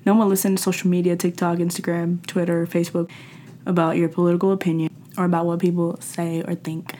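A young woman hosting a podcast, talking in a casual, emphatic and animated way, dropping into slang and laughing often. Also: on the low side, fast talker, slight background noise. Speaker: podcast host. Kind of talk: casual motivational monologue.

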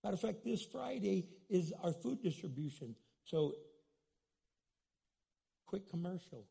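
Husky, gravelly male preacher. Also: high voice, sing-song, unhurried, mellow. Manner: preaching with many restarts and quoted asides. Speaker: pastor. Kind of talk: sermon.

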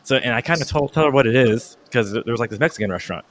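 With an animated, mid-range voice, a thirtysomething man chats on a podcast, telling a lengthy story full of fillers, restarts and halting moments. He re-enacts his own past lines with real heat as he rambles on.

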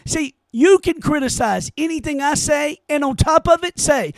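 A man's voice: very high voice, animated, normal speed, no room sound. A man giving an opinion monologue in an emphatic, rhetorical way, often repeating his phrases. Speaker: commentator.

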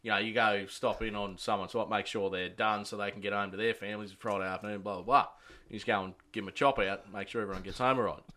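Bright-voiced Australian man telling yarns. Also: on the low side, steady tone, fast. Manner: swears a lot, acts out quotes. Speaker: podcast co-host. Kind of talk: casual storytelling chat.

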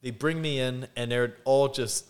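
A man's voice: medium pitch, a little slow. A man, a podcast guest, telling a personal story in casual chat, acting out what people said and laughing often. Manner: animated, acts out quotes, laughs often.

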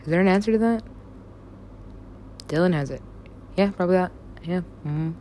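A woman's voice: lowish voice, normal speed, warm tone, a little hiss or hum. A young woman chatting casually and rambling about stories she has written, laughing often and swearing freely. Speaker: writer describing her own stories.

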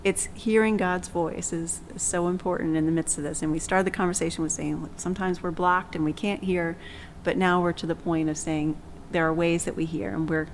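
A woman hosting a faith discussion, speaking calmly and reflectively and reading from scripture. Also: low voice, a little fast, hardly any pauses, slight background noise, low-quality recording. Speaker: podcast host.

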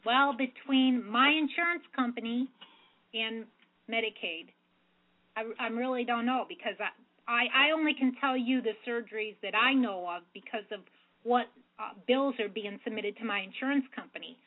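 A woman's voice: a little high, moderate pace. A woman calling in to a radio interview, speaking in an upset, plain-spoken way and often trailing off, heard over a phone line. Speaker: guest caller.

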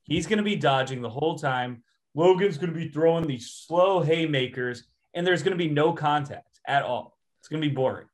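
A man's voice: on the high side, moderate pace. A man co-hosting a podcast in a casual chat, teasing the others and offering hot takes. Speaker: podcast co-host.

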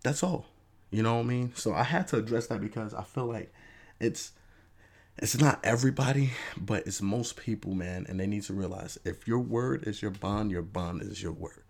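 Low-voiced man hosting a casual podcast. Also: normal speed, gravelly. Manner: animated, acts out fans' voices in a raised pitch; conversational, many "you know" asides. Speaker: podcast host. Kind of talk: casual commentary monologue.

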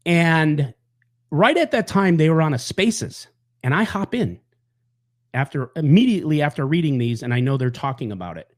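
A man's voice: medium pitch, sing-song, moderate pace, darkish tone. A man hosting a show, telling a story in a blunt, angry, rambling way with heavy swearing. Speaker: podcast host. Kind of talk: casual monologue.

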